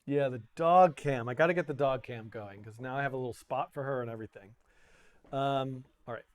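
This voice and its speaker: Chatty, playful coding tutorial host. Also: male voice, mid-range voice, brisk. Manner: playful, self-deprecating, chatty with frequent laughs. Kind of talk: live-streamed coding tutorial.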